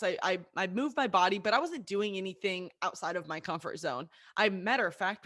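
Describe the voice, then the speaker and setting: Woman in her late 20s doing a pep-talk podcast, candid, upbeat, talks right to you. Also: medium pitch. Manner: energetic, candid, talks straight to listeners. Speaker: podcast host and coach. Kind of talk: motivational solo podcast talk.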